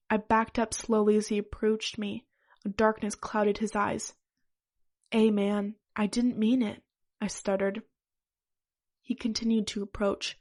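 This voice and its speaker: A woman's voice: medium pitch, creaky. A woman podcast host reading a comic story aloud. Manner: breaks up laughing.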